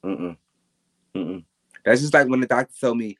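A man's voice: medium pitch, lively intonation, moderate pace. A man, a podcast guest, telling stories in casual interview chat with a blunt, emphatic and profane manner.

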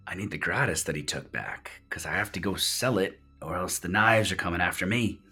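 A man doing a nervous, shifty street dealer in a tabletop game, cagey and repeating himself. The voice sits very low. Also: fairly quick, sharp tone, husky, faint music behind, exaggerated voice. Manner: evasive, jumpy, keeps repeating himself.

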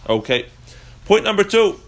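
A man's voice: high-pitched, big pitch swings, normal speed, gravelly, a little hiss or hum. A man teaching a religious text class to a live group. He thinks aloud, with frequent restarts and fillers, and chants the Hebrew prayer lines in a rhythmic lilt. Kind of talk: live explanatory lesson to a group.

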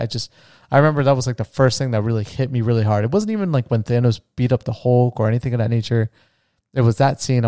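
A man hosts his own podcast and talks through a long casual recap, rambling from point to point. His voice is smooth and resonant with a gravelly edge, and it sounds mellow. The sound is dry and close, with no room around it. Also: medium pitch, dry recording. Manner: rambling, conversational recap of a film series. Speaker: podcast host. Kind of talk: casual solo podcast talk.

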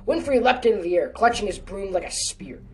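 A woman's voice: mid-range voice, animated, brisk, darkish tone. A woman narrating a story in a casual reading voice, now and then correcting herself. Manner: casual, with small self-corrections. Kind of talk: storytelling reading of a fan fiction. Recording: distant mic with faint music.

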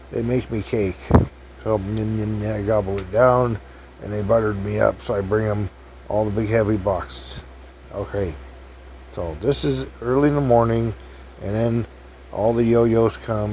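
A man's voice: fairly low pitch, mellow, a little hiss or hum. A man in his fifties telling a casual anecdote in a chatty, jokey way, laughing at his own stories. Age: 50s.

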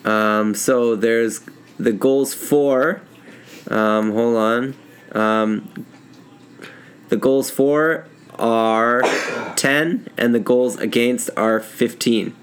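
A man's voice: mid-range voice, fairly even intonation, very slow, clear, resonant tone. A man chatting casually about hockey, rambling with many ums while looking up team stats.

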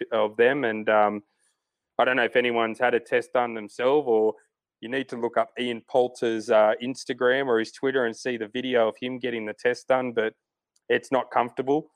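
A man's voice: mid-range voice, no room sound. Rambling man, dry sound. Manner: rambling, many fillers and restarts. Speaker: golf podcast co-host. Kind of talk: casual sports chat.

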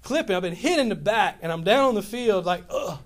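A man in his fifties from Louisiana, preaching a sermon as pastor, telling stories in an animated, rambling way with many restarts. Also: high voice, brisk.

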